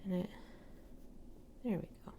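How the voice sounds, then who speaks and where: A young woman chatting casually while she paints, soft-spoken and often slipping into a whisper as she works. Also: a little slow, background noise. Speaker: watercolor crafting vlogger.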